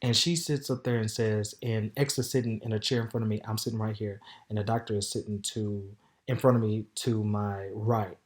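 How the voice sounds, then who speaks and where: A man hosting a podcast, telling a candid story in a sassy, flamboyant way, with loud outbursts and low mutters. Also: a little fast. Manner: flamboyant, sassy, animated, calls listeners "baby" and "honey". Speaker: podcast host. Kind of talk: casual storytelling monologue.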